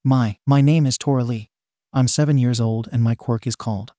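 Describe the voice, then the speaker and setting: A man's voice: mid-range voice, steady tone, moderate pace, warm tone, dry recording, studio quality, close to an everyday voice. A man voicing a nervous little girl in a storybook reading, stammering and timid.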